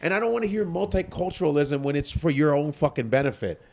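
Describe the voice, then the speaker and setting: A male comedian in a casual interview, ranting in a profane, animated way. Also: fairly high pitch, fast talker, gravelly. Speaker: comedian guest.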